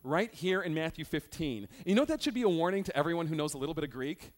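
A male pastor preaching a Bible-study sermon, animated and joking as he teaches. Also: on the high side, quick pace.

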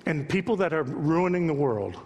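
In a church sanctuary, a male pastor preaches with emphasis and breaks off for asides with the congregation. His voice is a little high, expressive and a little mellow, at a normal speed, with a long reverb tail.

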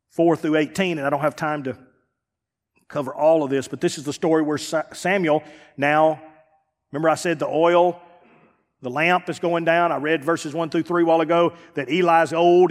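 A man preaching a sermon as pastor, swinging from loud emphatic lines to hushed, dropped phrases. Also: on the high side, big-room sound.

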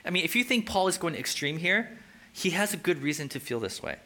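A male pastor preaching a sermon in an animated, conversational way with frequent jokes. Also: on the high side, brisk.

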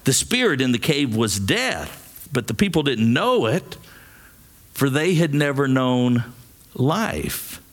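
A man preaching a sermon, reading a story aloud in a slow, dramatic way. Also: mid-range voice, big pitch swings. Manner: slow, dramatic, acts out quoted voices. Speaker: pastor.

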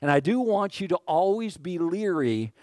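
A man's voice: high voice, normal speed, no echo, clean studio sound. A male pastor delivering a conversational sermon, often checking in with the congregation and acting out what the crowd said. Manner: conversational, animated, acts out crowd quotes.

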